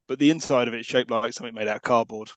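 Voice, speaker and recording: A man's voice: medium pitch, steady tone, rapid-fire, a bit bright, no room sound. A man co-hosting a podcast, making dry, sarcastic jokes about a film. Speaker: podcast co-host. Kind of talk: casual film review chat.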